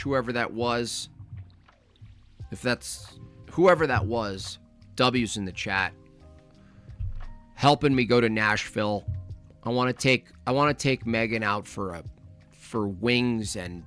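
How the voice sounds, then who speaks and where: A man hosting a casual livestream, reading out donations and making animated, teasing, mock-scolding asides. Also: mid-range voice, slow, long pauses, faint music behind.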